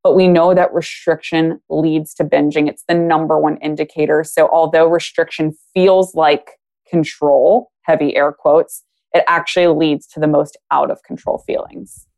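A woman's voice: low-pitched, flat delivery, moderate pace, vocal fry, a little mellow. A woman talking casually on a podcast as a guest, explaining ideas with analogies and acted-out quotes.

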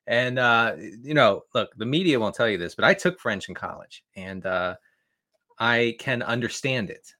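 A man talks fantasy football with excited energy, stumbling over his words and restarting often while he jokes along. His voice has a bright edge. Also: mid-range voice, moderate pace. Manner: stammering restarts, excitable, joking. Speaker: podcast guest, fantasy football analyst. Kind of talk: casual chat.

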